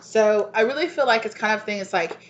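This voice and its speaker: With a mid-range voice moving a little fast, this woman rambles and gushes through a channeled collective tarot reading, tacking "right?" onto her thoughts. The recording is dull and lo-fi, carrying a faint hiss.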